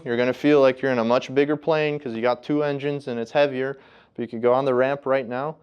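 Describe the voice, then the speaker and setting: A man's voice: mid-range voice, clear, resonant tone. A man teaching a ground school class as a flight instructor, explaining step by step and often checking whether the class follows.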